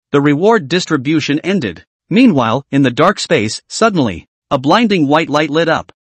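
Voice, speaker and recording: A man's voice: fairly high pitch, big pitch swings, normal speed, hardly any pauses, slightly rough, no echo. A man narrating a comic story recap with dramatic storytelling.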